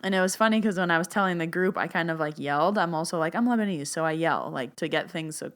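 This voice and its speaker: A woman hosting a podcast as a spiritual medium, chatty and emphatic, turning loud and stern when she stresses a point. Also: fairly low pitch, quick pace, clear, resonant tone. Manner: emphatic, stern and loud when quoting her own boundary commands; chatty, with "like" fillers and playful asides. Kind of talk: casual solo podcast talk.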